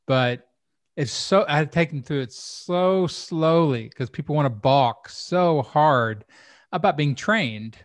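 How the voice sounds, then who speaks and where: A man's voice: a little high, expressive, slow pace, no room sound, studio quality. A man hosting a podcast, talking casually, opinionated and explaining things step by step. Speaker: podcast host.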